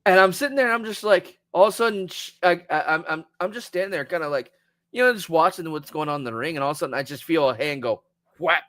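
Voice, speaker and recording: A man co-hosting a wrestling podcast in casual chat, excitable and often stammering through restarts. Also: a little high, quick pace, no echo, clean studio sound. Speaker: podcast co-host.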